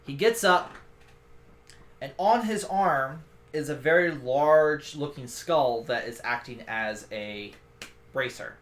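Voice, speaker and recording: Bright-voiced man narrating a tabletop game. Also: mid-range voice, slow. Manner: descriptive storytelling. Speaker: game master. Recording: echoey room.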